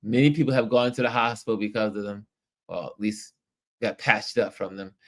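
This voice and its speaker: A middle-aged man hosting a livestream, reading viewer comments aloud in casual chat, animated and nostalgic and quick to laugh. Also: on the low side. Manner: laughs often, animated and nostalgic, stretches words.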